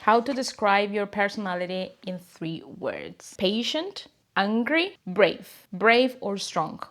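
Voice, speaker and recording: A young woman with a Spanish accent, a native Spanish speaker from a small tropical country, answering viewer questions in a casual, hesitant way with fillers and soft laughs. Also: mid-range voice, expressive, slow. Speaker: vlogger. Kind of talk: casual Q&A to camera.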